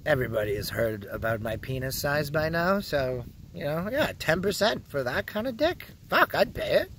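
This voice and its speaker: A young man from Canada rambling crudely through a casual vlog, joking a lot and often dropping to a hushed mutter, recorded outdoors in a public spot. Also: on the high side, big pitch swings, normal speed, slight background noise. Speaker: vlogger.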